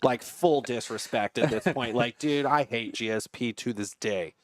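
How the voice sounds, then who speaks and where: A man, a professional stunt rider, telling a story as a podcast guest in a lively, profane, animated way. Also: mid-range voice, moderate pace, dry recording, clean studio sound.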